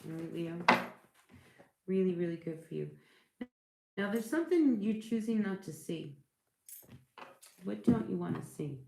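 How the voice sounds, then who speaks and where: A woman's voice: fairly low pitch, lively intonation, unhurried, vocal fry, pauses often, reverberant, background noise. A woman doing a casual tarot reading, rambling and searching for words, reassuring her listeners. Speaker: tarot reader.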